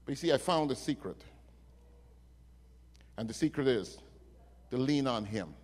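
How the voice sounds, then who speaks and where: A man preaching a sermon, telling stories dramatically and swinging from hushed lines to loud ones. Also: medium pitch, expressive, a little slow. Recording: long reverb of a hall.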